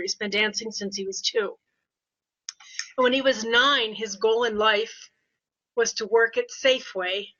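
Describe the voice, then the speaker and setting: An older woman, a behavior consultant, speaking in a casual podcast interview and telling animated stories with quoted voices. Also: fairly high pitch. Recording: dull lo-fi audio.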